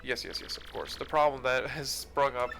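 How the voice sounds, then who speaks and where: A man's voice: medium pitch, steady tone, normal speed, a bit bright, slight background noise, close to an everyday voice. A man putting on a pompous explorer with a fancy accent. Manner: pompous, grandiose. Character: boastful vain male explorer with a fancy accent.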